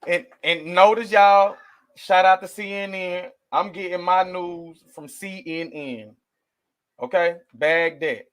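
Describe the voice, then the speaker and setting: A man's voice: high-pitched, steady tone, slow, clear, resonant tone. A man doing casual news commentary for his viewers, rambling and emotional as he talks straight to the audience. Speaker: commentary vlogger.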